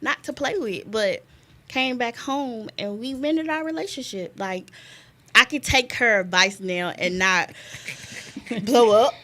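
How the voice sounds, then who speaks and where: A young woman, a guest telling a personal story in an animated way, laughing often and repeating words. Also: fairly high pitch, slow pace. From North Carolina, US. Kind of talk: casual conversation, personal story.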